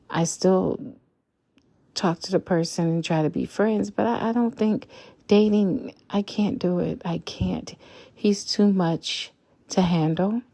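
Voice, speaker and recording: A woman's voice: fairly low pitch, dark tone, no room sound. An outspoken woman in her fifties vlogging frankly about her relationship, blunt and emphatic. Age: 50s. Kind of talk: candid relationship vlog.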